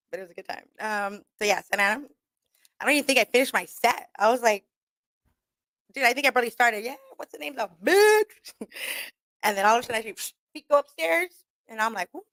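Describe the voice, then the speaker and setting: A woman's voice: on the high side, brisk, long pauses, bright, forceful tone, dry recording. A young woman hosting a talk radio show, telling stories in a casual rambling way, laughing often and swearing as she quotes people. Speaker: radio show host and comedian. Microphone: studio microphone.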